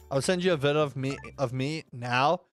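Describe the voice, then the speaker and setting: A man's voice: mid-range voice, normal speed, soft background music. A young man with a rambling, exaggerated storytelling manner, chatting casually while playing a game. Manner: animated storyteller, exaggerated outbursts, rambling asides. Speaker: gaming YouTuber.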